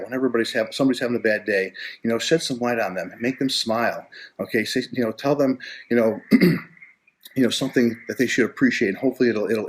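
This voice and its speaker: Man, life coach, motivational talk, average pitch, keeps saying okay, frequent throat clearing, restarts words. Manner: tags nearly every phrase with "okay?"; repetitive, earnest, with many restarts.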